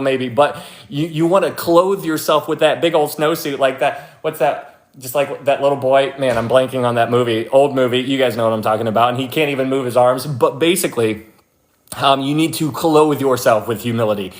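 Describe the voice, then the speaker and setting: A young man leading a casual livestream Bible study, chatty and animated, thanking viewers by name and acting out quoted people. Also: mid-range voice, a little fast. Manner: frequent fillers and restarts, thanks viewers by name.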